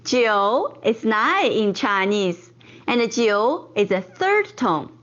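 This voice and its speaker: A woman teaching counting in a scripted video lesson, saying each word slowly again and again. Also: medium pitch, sing-song, a bit bright. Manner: slow, drawn-out repetition of each word. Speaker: online Chinese tutor. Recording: dull lo-fi video audio.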